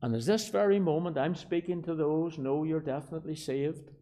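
Man, Belfast accent, pastor preaching, fairly high voice, repeats phrases, quiet to loud emphasis. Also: a little fast. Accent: Northern Irish, Belfast. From Northern Ireland. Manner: swings between soft quiet asides and loud emphatic declarations, repeating key phrases. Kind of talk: sermon.

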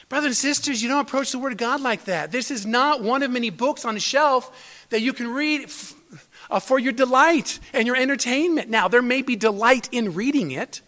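A man's voice: extremely high pitch, lively intonation, normal speed, pushed and bright. A man preaching a sermon as pastor, earnest, restarting phrases and building to emphatic peaks. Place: church sanctuary. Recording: long hall reverb.

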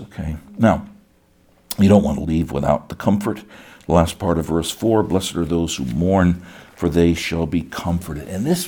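A man's voice: low voice, dark tone, slightly rough. A middle-aged man preaching a sermon as pastor, earnest, often repeating words as he builds a point.

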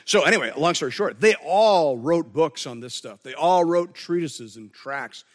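A man's voice: fairly high pitch, expressive, moderate pace, long reverb tail. A man preaching a sermon as pastor, earnest and conversational, often restarting his phrases.

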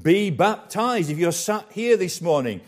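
A man preaching a sermon as pastor, slow and emphatic, with dramatic pauses and repetition. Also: high voice, animated.

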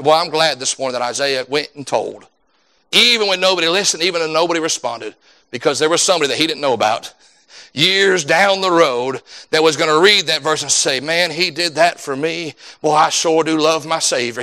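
A man preaching a sermon in a fervent, repetitive cadence that climbs loud and drops quiet. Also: a little high.

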